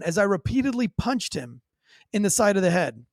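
A former police officer telling a personal story in an interview, in a blunt and profane way with vivid detail. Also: male voice, high-pitched, very animated, moderate pace, dry recording, studio quality.

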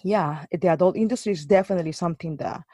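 A woman's voice: fairly low pitch, mellow. A woman guest in a casual interview, talking earnestly with frequent restarts and hesitations. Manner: halting, restarts often, earnest.

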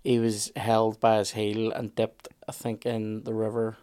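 A man's voice: on the low side, monotone, unhurried, dark tone, clear, resonant tone. A man, co-hosting a podcast and chipping in with jokes and pop-culture riffs. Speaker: podcast co-host. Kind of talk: casual comic chat.

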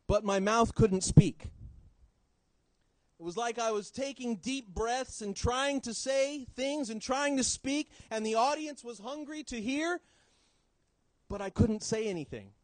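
A man preaching a sermon in church, swinging between loud emphasis and quiet low drops. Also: a little slow, dry recording, rough recording.

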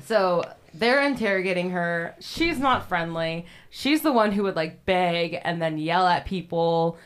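A woman's voice: lowish voice, lively intonation, measured pace, smooth. A young woman hosting a podcast, chatting casually and profanely about history, laughing often and acting out what people said. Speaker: podcast host. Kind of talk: casual true-crime history chat.

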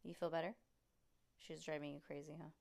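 Woman, reading aloud to a child, relaxed asides, home room. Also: deep voice, a little fast, gravelly.

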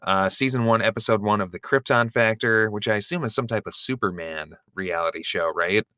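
A podcast co-host with a voice on the low side trades casual, playful, teasing banter. His speech is brisk, pushed and bright, recorded with clean studio sound and no echo.

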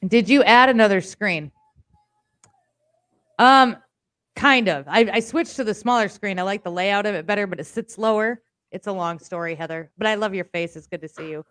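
A woman's voice: mid-range voice, moderate pace, a bit bright, no room sound. Fields: Sex: woman. Role: livestream host. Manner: chatty, teasing. Sound: dry close mic. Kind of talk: casual livestream chat.

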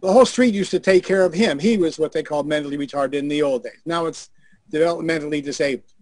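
An older man, a guest on a video call, telling animated, profane stories and acting out the voices of the people he quotes. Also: a little high, quick pace, no room sound. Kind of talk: anecdotal storytelling.

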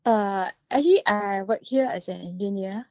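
A woman's voice: mid-range voice, moderate pace, warm tone, no room sound, muffled recording. A woman in her thirties from the Philippines with a Singaporean accent, calling into a radio show, hesitant and a bit nervous. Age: 30s. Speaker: caller. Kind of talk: phone-in chat.

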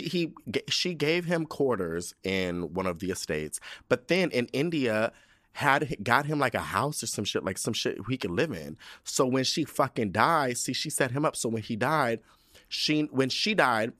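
A man's voice: medium pitch, a bit bright, no room sound, studio quality. A man hosting a podcast, riffing in a casual, profane, gossipy comic monologue with big swings in his voice. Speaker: podcast host.

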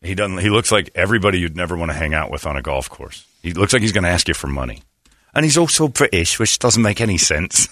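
Low-voiced animated man joking. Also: fast, dry recording, studio quality. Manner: animated storyteller, jokey. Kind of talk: crude comedic banter.

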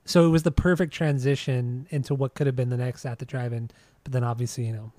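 A man's voice: medium pitch, fairly even intonation, fast talker, warm tone, dry recording. Dry-sounding man, casual podcast chat. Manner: rambling, profane, with frequent restarts. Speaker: podcast co-host.

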